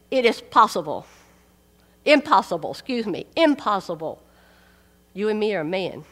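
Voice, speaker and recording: A woman preaching a sermon, emphatic and repeating key phrases for weight. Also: mid-range voice. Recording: long hall reverb.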